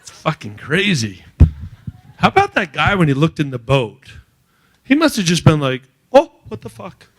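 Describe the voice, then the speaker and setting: A male stand-up comedian from New Jersey, doing a profane, rapid-fire routine that acts out characters. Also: a little high, huge pitch swings, a bit bright.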